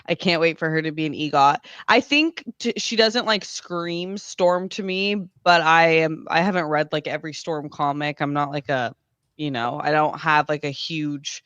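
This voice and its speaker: A woman's voice: low-pitched, a bit bright, clear, resonant tone, no room sound. A woman co-hosting a show, speaking enthusiastically but hesitantly, with many fillers. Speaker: co-host. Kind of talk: casual chat.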